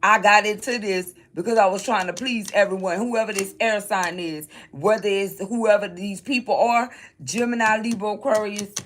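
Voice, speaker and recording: A woman's voice: medium pitch, normal speed, a bit bright, a little hiss or hum. A woman from New Orleans giving a tarot reading to her viewers, emphatic and repetitive, often checking in with "okay?" while she shuffles through her cards. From New Orleans, Louisiana. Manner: emphatic, repeats lines, frequent "okay?" check-ins. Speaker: tarot reader.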